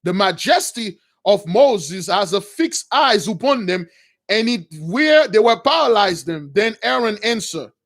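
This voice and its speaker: A man casually retelling a religious story to his listeners, animated and addressing them as brothers. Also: sits high, measured pace. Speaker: preacher, storyteller.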